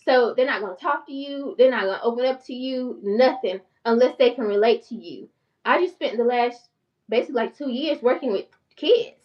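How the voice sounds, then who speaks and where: A woman in her forties with a country North Carolina accent, talking fast and passionately to her viewers in a casual vlog. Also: a little high, distant mic, dull audio. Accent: Southern US, North Carolina country. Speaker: channel host and therapist.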